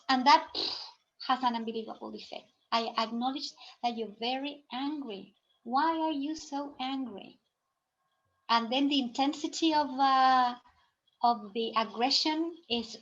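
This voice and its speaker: High-voiced woman presenting to teachers. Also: moderate pace, fairly bright tone, dull audio. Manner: chatty, thinking aloud with frequent "it's like" and restarts. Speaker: teacher trainer presenting a workshop.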